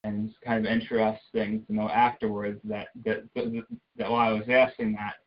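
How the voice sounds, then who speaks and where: A man giving a halting, hesitant testimony before a congregation, with many restarts. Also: lowish voice, level tone. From United States. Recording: dull lo-fi recording.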